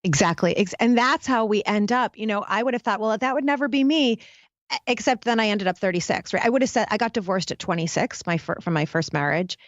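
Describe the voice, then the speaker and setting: A woman's voice: medium pitch, fairly quick, no echo, highs cut off. A woman guest telling a dramatic personal story in an interview, speaking intensely and straight to the listeners. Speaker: guest, happiness expert. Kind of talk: candid storytelling interview talk.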